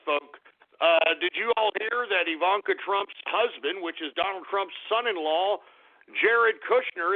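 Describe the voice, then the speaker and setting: High-voiced, profane, irate male radio host. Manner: irate, profane, swinging between shouting and muttering. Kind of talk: ranting radio talk show. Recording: tinny phone-like radio audio.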